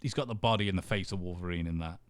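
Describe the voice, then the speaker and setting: A man's voice: sits low, rapid-fire, a little hiss or hum. A man co-hosting a casual podcast chat, rambling and laughing often. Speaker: podcast co-host.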